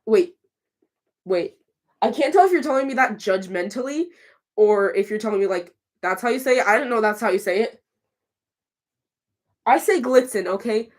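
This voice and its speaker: Woman, livestream host, casual and chatty, reads and answers chat, a bit flustered, mid-pitched voice. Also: animated. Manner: chatty, reacts to chat messages, quick flustered restarts.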